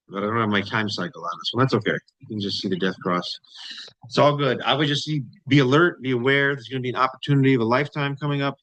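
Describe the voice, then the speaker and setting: A man in a dry, close recording, speaking at an ordinary middle pitch. He talks loosely through charts, repeating words for emphasis and tossing in "right?" and "you know" as he goes. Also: fairly bright tone, no room sound, rough recording. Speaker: trading channel host. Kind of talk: casual chart commentary.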